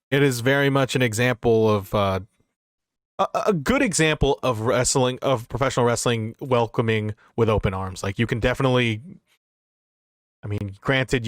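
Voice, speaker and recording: Mid-pitched man chatting on a podcast. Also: no echo, studio quality. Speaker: podcast co-host. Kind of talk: casual chat.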